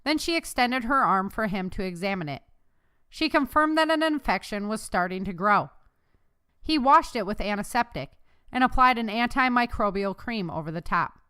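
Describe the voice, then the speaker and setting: A woman narrating a novel chapter aloud as an audiobook narrator, telling the story in a steady way. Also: mid-range voice, normal speed, smooth. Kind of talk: scripted narration.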